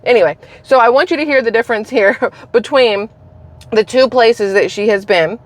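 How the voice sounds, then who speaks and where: A woman's voice: fairly high pitch, moderate pace, dry recording. A woman hosting a political commentary vlog, talking in a blunt, opinionated, casual way. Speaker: channel host.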